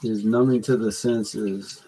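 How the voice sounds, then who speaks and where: A man's voice: on the low side, steady tone, takes it slowly, warm tone, a little hiss or hum, poor audio. A man working through rhyming lyrics aloud, trying lines over and over and then reciting the verse. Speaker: rapper writing lyrics.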